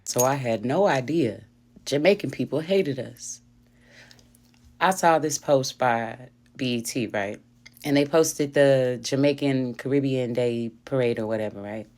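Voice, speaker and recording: A woman's voice: very deep voice, unhurried, a little mellow. A woman, bluntly retelling an online argument in a casual vlog. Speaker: social media commenter.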